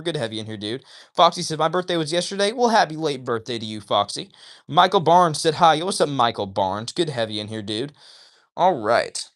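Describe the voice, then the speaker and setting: A man's voice: a little high, fairly bright tone. A man hosting a casual livestream, reading out viewers' chat messages and greeting people by name in a chatty, upbeat way, recorded on a phone.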